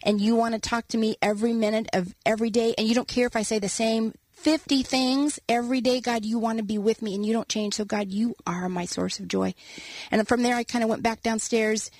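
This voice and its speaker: A woman author, a guest in an interview, telling a personal story in an earnest, animated way. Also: fairly high pitch, a little fast, dry recording.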